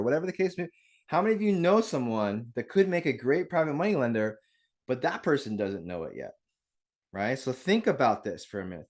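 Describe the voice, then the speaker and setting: A man hosting a live real estate webinar, talking in an energetic, upbeat way straight to his audience over a video call mic. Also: fairly high pitch. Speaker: webinar host.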